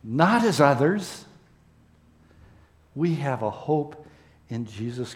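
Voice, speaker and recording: Slow, earnest male pastor preaching. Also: medium pitch, very animated. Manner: earnest, emotional, slow and heartfelt, addressing the congregation. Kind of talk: sermon with closing prayer.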